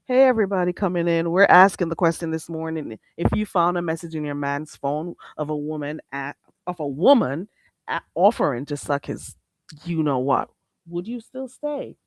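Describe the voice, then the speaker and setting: A woman's voice: deep voice, normal speed, no room sound. A woman hosting a casual livestream chat with viewers, blunt and sassy, often calling people "baby" and asking "you hear me?". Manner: animated, swinging between loud outbursts and laughter. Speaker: livestream host.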